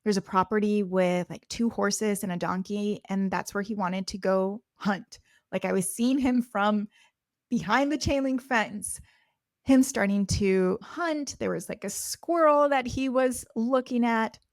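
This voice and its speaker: A young woman hosts her own podcast, recounting a personal story in a loose, animated, filler-heavy way. Her voice sits at a middle pitch. It is recorded dry and close, with no room sound. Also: measured pace, no room sound. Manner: animated, chatty, lots of "like" fillers. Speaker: podcast host. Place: home.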